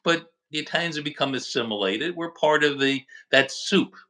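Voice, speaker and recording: A man who is a doctor, speaking as a guest in an earnest, explanatory way with frequent halting restarts. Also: a little high, pushed and bright. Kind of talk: casual discussion.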